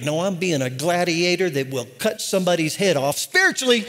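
High, animated older man preaching. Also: fairly quick. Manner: impassioned, emphatic preaching with humorous asides. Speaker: pastor. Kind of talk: sermon. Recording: long reverb of a large hall.

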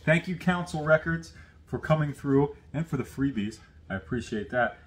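A man hosting a casual unboxing video, chatty and self-deprecating, full of quick asides. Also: on the high side, lively intonation. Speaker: host of an unboxing series. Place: at work on a lunch break.

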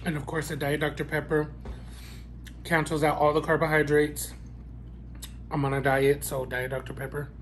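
A man reviewing fast food in a mukbang eating vlog, talking in a sassy, playful way and savoring each bite with frequent mm and wow sounds. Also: a little high, level tone, fairly bright tone, a little hiss or hum. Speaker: food vlogger.

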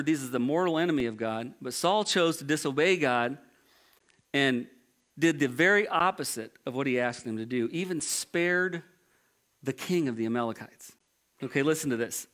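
A male pastor preaching a sermon, reading scripture aloud and commenting on it in a lively, jokey way. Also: medium pitch, normal speed.

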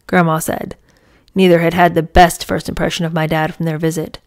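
A woman's voice: on the low side, flat delivery, a little fast. A woman reads chapters of a memoir aloud, then stops to share her reactions. She talks in a chatty, enthusiastic way with plenty of fillers between the read passages. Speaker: book reader and reviewer. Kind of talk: memoir reading with casual commentary.

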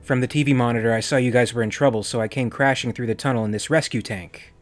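A man's voice: medium pitch, steady tone, fast, faint music behind, close to an everyday voice. A man reading as a bossy impatient heroine. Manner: blunt, impatient. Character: bossy impatient woman officer.

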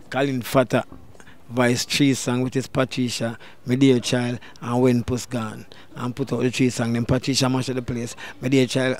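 A middle-aged Jamaican man, a dancehall deejay, telling a story in an interview and raising his voice to act out what people said. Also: medium pitch. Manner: animated, loud bursts when acting out quotes.

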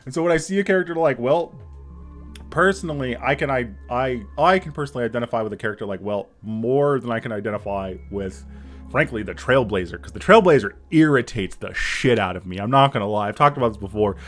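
A man in his thirties giving casual reaction commentary on a game, excitable, swearing and laughing often. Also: mid-range voice, fast talker, soft background music. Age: 30s.

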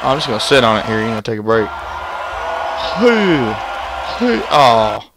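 Excitable young man yelling at a game. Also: mid-range voice, measured pace. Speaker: gaming YouTuber. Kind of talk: let's play commentary. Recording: game music and crowd noise behind.

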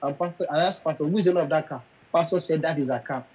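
A man's voice: on the high side, very fast, husky, low-quality recording. A young adult man, a comedian telling stories in an interview, acting out voices and singing lines. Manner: animated storyteller, acts out voices and sings lines. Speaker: comedian guest.

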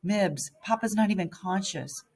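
A woman's voice: mid-range voice, measured pace, darkish tone, breathy edge, voice pushed up. A woman reading an exasperated teenage brother. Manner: pleading then exasperated. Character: weary teenage boy, older brother.

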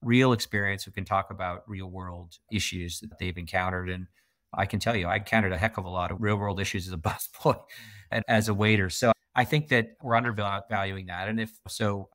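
Deep-voiced man from Canada, emphatic. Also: steady tone, a little fast, fairly bright tone, dry recording. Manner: emphatic, laughs often. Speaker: podcast guest. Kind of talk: casual interview conversation.

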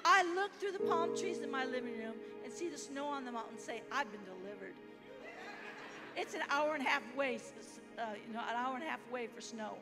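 A high-pitched American woman preaching to a congregation in a church hall with a long echo. She is animated and leads call-and-response. Music plays behind her. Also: fast, few pauses. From United States. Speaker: guest missionary preacher. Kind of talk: sermon.

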